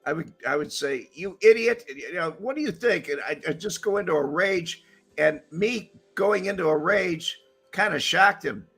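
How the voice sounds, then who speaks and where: An older man with a gravelly, husky voice shares stories on a casual call-in podcast. His tone is bright and sits a touch high for a man. Faint music plays behind him. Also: moderate pace. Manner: gravelly, laughing, storytelling. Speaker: podcast co-host, former mob associate.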